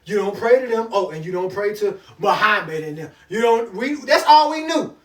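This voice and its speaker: High-voiced fervent preacher man. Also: animated, normal speed, slight background noise. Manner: fervent, rhythmic, repeats phrases. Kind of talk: preaching Bible study. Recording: echoey room, distant mic.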